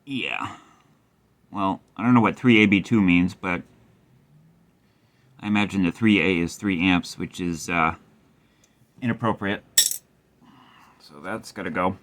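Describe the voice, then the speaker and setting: A man's voice: deep voice, unhurried, long pauses, a bit bright. A middle-aged man casually rambling through an amp repair at his workbench, wry and swearing now and then. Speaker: amplifier repair host. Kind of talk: casual workshop tutorial.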